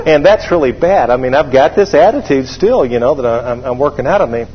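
A man preaching a sermon, telling a folksy personal story with animated delivery and drawing call-and-response from the congregation. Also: on the high side, brisk, hardly any pauses, husky, big-room sound, lo-fi sound.

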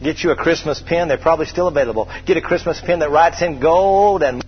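A man with a fairly high voice preaches in a church sanctuary, drawing out his scripture readings and getting animated as he tells stories. The sound is dull and lo-fi, with a long reverb trailing off his words. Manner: preacherly, drawn-out scripture reading, lively storytelling. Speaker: pastor. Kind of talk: sermon. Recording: dull lo-fi hall recording.

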